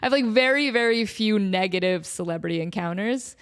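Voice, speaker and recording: Brisk and clean-toned at a medium pitch, this podcast host in her thirties chats casually on her own show. She's bubbly and playful, full of "like" and asides, and slips into excited voices for her stories.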